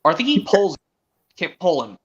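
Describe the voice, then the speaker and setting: A man hosting a stream, chatting excitedly as a fan and rambling with frequent restarts. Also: high voice, moderate pace. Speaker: stream host. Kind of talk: casual fan chat. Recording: dull lo-fi stream audio.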